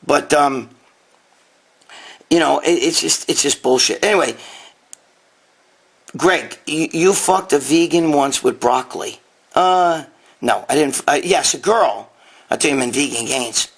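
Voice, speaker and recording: A man's voice: fairly high pitch, a little slow, gravelly, pauses often, husky. A man hosting a casual live Q&A from his dining room, talking bluntly and profanely into a handheld phone. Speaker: host.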